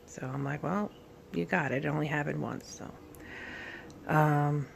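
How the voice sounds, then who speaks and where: A tired woman in pain talks to her camera at home, rambling and halting, with plenty of fillers. Her voice is gravelly with vocal fry. A faint hum of room noise sits behind her. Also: deep voice, steady tone. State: tired and in pain after surgery. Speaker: vlogger. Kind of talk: casual recovery vlog. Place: at home, sitting in bed.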